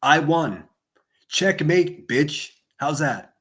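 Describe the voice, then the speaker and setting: A man hosting a live stream rants hard, full of profanity and sarcasm. His voice sits somewhat high for a man. He leans into a desk microphone and punches out sudden yelled lines. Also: lively intonation, drawn-out words. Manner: profane, yelling bursts, sarcastic. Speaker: livestream host. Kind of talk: angry livestream rant.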